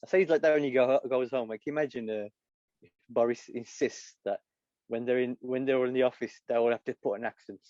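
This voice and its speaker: A man's voice: medium pitch, fairly even intonation, brisk, darkish tone, dry recording, highs cut off. A man co-hosting a casual comedy podcast, laid-back and giggly. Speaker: co-host and impressionist.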